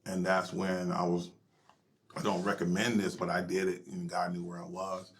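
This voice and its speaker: A middle-aged male pastor telling his personal story in an interview, emotional and halting, sometimes dropping to a near whisper. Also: sits low, monotone. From United States.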